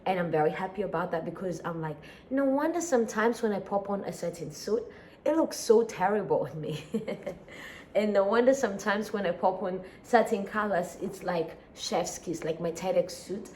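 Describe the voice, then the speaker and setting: A woman's voice: mid-range voice, normal speed, darkish tone, slight background noise. A woman with an East African accent, a tired, sleepy daily vlogger chatting casually and rambling, with frequent sighs and laughs. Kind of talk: casual chat.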